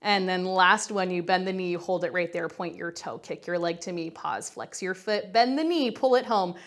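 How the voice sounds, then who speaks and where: A woman's voice: fairly low pitch, moderate pace. Upbeat woman coaching a Pilates class. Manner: upbeat, chatty coaching while counting reps. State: working out along, slightly winded. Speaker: Pilates instructor. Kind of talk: guided workout instruction.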